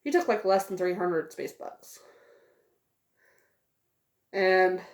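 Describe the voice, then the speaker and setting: A woman's voice: lowish voice, slow. Rambling woman reviewing a movie, echoey room. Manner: rambling, with many fillers. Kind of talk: casual spoken movie review.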